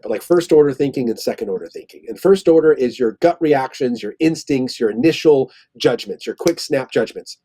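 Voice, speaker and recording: A man talks through an idea as a guest in an interview, thoughtful and long-winded, circling back and restarting phrases. His voice is slightly husky with a mellow, darker tone. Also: mid-range voice. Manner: thoughtful, explains at length with restarts. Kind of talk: conversational interview.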